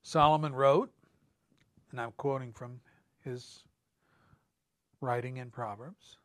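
A man preaching a sermon as pastor, slow and deliberate, rising on emphatic words. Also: medium pitch, steady tone, a bit bright, no echo.

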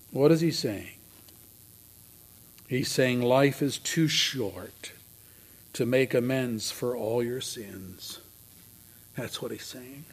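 Dramatic preacher, slow and hushed. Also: male voice, mid-range voice, breathy edge. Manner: dramatic, swings from loud to near whispers. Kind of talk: sermon.

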